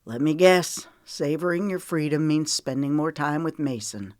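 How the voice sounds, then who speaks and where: Voiced by a woman narrator in an audiobook, the character is a weary, protective man who talks in a low, blunt, earnest way. His voice sounds natural and a little mellow at a moderate pace, recorded close and dry without echo.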